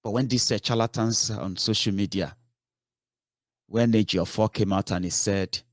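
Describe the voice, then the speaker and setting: A man's voice: lowish voice, fairly even intonation, moderate pace, dry recording, clean studio sound. Exasperated man scolding his audience. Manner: exasperated, scolding, rhetorical questions, swears. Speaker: political commentator. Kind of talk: heated political commentary monologue.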